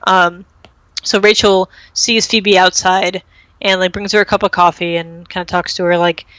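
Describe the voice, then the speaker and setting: A young woman chats her way through an episode recap, full of "um" and "like" and quick acted quotes. Her voice is bright and forward, recorded dry and close with no room sound. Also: fairly low pitch, level tone, dry recording, low-quality recording. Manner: chatty retelling with many fillers and acted-out quotes. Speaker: podcast host recapping a TV episode. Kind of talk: casual chat.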